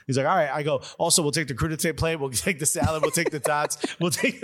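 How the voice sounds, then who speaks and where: A young man with a somewhat high voice and a lively, swooping delivery. He co-hosts a casual chat, laughs a lot, and acts out what other people said as he tells the story. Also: rapid-fire, hardly any pauses. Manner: animated storyteller, laughs often, acts out quotes. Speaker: podcast co-host.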